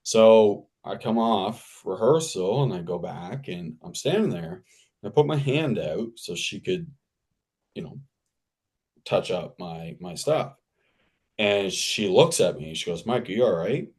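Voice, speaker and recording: A man, an actor guest, telling a casual anecdote in an animated way, repeating himself and laughing as he talks. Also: low-pitched, measured pace. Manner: animated, repetitive, laughing mid-sentence.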